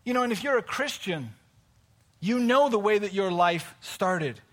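A man's voice: high voice, lively intonation, measured pace. A man in his fifties giving a conversational sermon in a church service, personal and heartfelt, building to emphatic preaching. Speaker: pastor.

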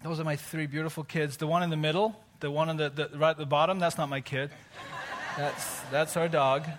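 A man's voice: fairly high pitch, flat delivery, a little fast, background noise. A man in his fifties giving a conversational sermon in a church service, personal and heartfelt, building to emphatic preaching. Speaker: pastor.

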